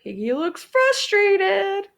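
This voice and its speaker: A woman reading a children's picture book aloud, slow and expressive. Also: very high-pitched, creaky. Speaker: storybook reader.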